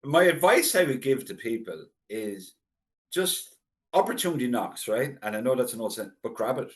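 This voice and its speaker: A middle-aged Irish man spins stories at an easy, chatty pace. His pitch sits in the middle, and he drops into little voices to act out what people said. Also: expressive, moderate pace. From Ireland. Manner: chatty anecdotal storyteller, acts out quoted voices. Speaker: guest, local historian. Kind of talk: casual storytelling interview.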